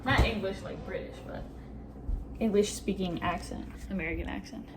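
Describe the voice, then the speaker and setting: A woman's voice: medium pitch, moderate pace, a little hiss or hum. Chatty young woman vlogging at home. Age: 20s. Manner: chatty, upbeat, gives advice, drops in Spanish words. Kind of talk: casual vlog talk to camera. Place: home kitchen.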